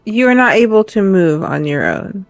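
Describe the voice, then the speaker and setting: A woman's voice: mid-range voice, a little slow, soft background music. Gracious woman player in a tabletop game. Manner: gracious, flattering. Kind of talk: in-character roleplay.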